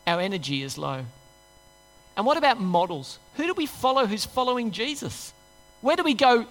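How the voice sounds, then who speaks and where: Male pastor, high bright voice, conversational sermon in a reverberant hall. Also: sing-song, moderate pace. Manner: conversational, acts out inner voices, rhetorical questions.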